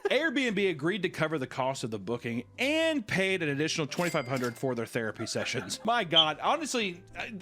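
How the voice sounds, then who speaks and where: Animated, lively-voiced man reading and reacting. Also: fairly high pitch, a little fast. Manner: animated, laughing, often breaks into mock voices. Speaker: reaction video host. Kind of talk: casual reaction commentary, reading an article aloud.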